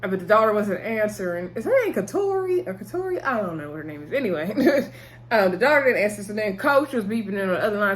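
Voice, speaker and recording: A woman recapping a TV episode for her viewers in a chatty, casual way, laughing often and breaking into high-pitched exclamations. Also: lively intonation, fairly quick. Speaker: TV episode reviewer. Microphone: talking to camera.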